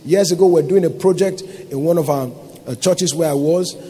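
High-voiced Nigerian pastor preaching. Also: male voice, a little fast, mellow, slight background noise. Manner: emphatic preaching, calls for audience response. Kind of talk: sermon.

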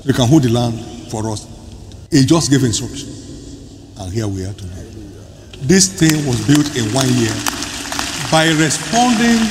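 Emphatic pastor in a big hall. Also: male voice, mid-range voice. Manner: emphatic preaching, sudden loud bursts and soft drops. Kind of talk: sermon. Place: large church hall. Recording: large hall, reverberant, faint room noise.

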